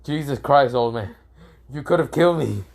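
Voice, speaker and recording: Man putting on a flippant teen boy ninja in a storybook tale, raised pitch, teasing. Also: lively intonation, moderate pace, vocal fry. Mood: cheeky. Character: cocky laid-back teenage boy ninja.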